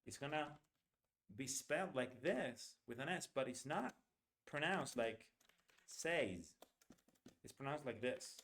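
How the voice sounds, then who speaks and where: A man's voice: mid-range voice, a bit bright. A man teaching an English pronunciation lesson, reading short lines aloud and repeating phrases to show how words get reduced. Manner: slows down to spell out sounds.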